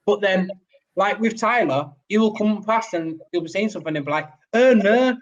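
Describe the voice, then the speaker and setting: A man's voice: sits high, brisk, dull audio. A man with a Manchester accent, co-hosting a podcast as a father, telling stories in casual chat and laughing often.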